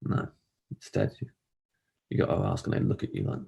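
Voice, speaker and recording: A man performing a rambling, self-deprecating stand-up monologue, often jumping up high to act out other people. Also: huge pitch swings, a little fast, gravelly, pauses often, warm tone. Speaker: comedian.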